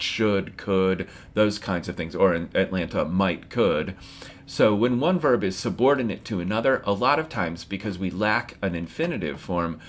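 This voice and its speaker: A middle-aged man with a notably low voice gives a recorded language lesson. He stays relaxed and drops dry, wry asides. He slows right down to pronounce each new word with care. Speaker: Arabic language teacher.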